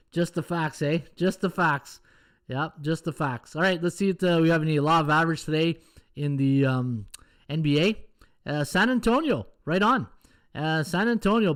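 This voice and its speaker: Middle aged guy hosting a live stream, rambly and jokey, bit high voice, nice smooth tone. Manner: rambling, chatty, banters with chat viewers. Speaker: podcast host, sports handicapper. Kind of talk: casual live-stream betting talk.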